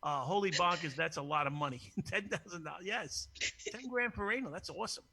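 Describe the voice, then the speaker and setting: A man hosting a crude, casual call-in show, brash and profane and quick to laugh. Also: high-pitched, gravelly, pushed and bright, husky. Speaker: host.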